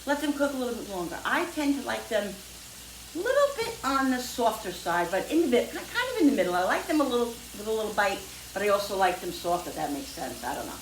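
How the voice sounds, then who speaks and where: This home cooking channel host is a woman with a slightly high voice, very animated and fast-talking, who rambles and often self-corrects while she cooks. The clip is recorded in a home kitchen with a sizzling pan, with echo, a distant mic, and frying noise.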